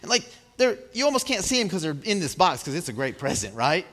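High, bright-voiced man preaching in a reverberant hall. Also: very animated, fast talker. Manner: conversational, checks in with the congregation; acts out scenes with big swings in loudness. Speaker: pastor. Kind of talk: sermon.

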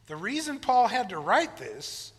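A man preaching a sermon as pastor, telling a joke story in an animated way. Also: sits high, measured pace, husky, long reverb tail.

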